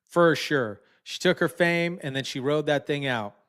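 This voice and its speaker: A man's voice: a little high, unhurried, fairly bright tone, clean tone. Blunt, indignant male commentary host. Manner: blunt, indignant, repeats himself. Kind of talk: casual online commentary.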